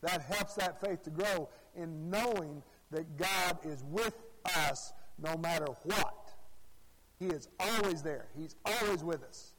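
Male preacher, high voice, folksy and repetitive, reverberant church hall. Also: slow, a bit bright. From Arkansas. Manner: folksy storytelling, repeats phrases. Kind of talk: sermon.

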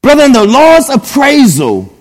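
A man's voice: very high-pitched, huge pitch swings. A man preaching a sermon emphatically, repeatedly addressing his listeners as brethren. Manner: emphatic, repeatedly saying "brethren", drawn-out pauses. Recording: long hall reverb.

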